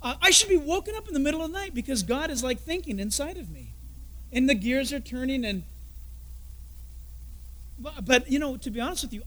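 A man preaching a sermon as pastor, telling a story and dropping into soft, confiding asides. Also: very high-pitched, lively intonation, a little fast, long pauses.

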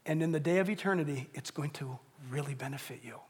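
A middle-aged man preaching a sermon as pastor, telling a story with animated delivery and acting out the voices of the people in it. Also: fairly high pitch, fast, husky. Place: church sanctuary. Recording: long reverb of a large hall.

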